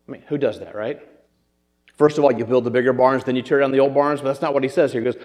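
A man's voice: mid-range voice, fast talker, darkish tone. A man preaching a sermon, earnest and conversational, often repeating words as he thinks. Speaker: pastor. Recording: long hall reverb.

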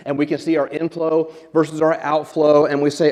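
A man's voice: fairly high pitch, level tone, normal speed, few pauses, a little mellow. A man preaching a sermon as a pastor, conversational with self-deprecating humor and frequent restarts. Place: church sanctuary. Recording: long church reverb.

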